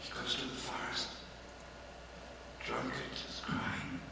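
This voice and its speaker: Man telling stories in an echoey hall. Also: slow. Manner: impassioned, swings from soft to loud, singsong. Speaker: storyteller. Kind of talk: live storytelling with song. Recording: echoey hall from far off, noisy.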